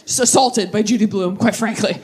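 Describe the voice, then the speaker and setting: A young woman doing live stand-up comedy with crowd work, talking in animated, rambling, self-deprecating tangents. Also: mid-range voice, brisk, slight background noise.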